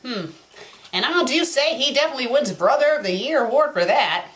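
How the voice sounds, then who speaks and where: A woman's voice: high-pitched, animated, a little fast, fairly bright tone, slight background noise. A woman hosting a review show, reading a story aloud in a put-on Southern US drawl and breaking off for mocking, exasperated asides. She sounds a little tipsy. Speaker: fanfiction critic host.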